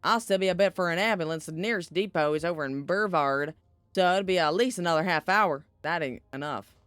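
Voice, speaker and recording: A streamer voicing a gruff small-town man with a blunt, drawling manner, reading from a story game. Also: medium pitch, brisk, a bit bright, no echo, close to an everyday voice.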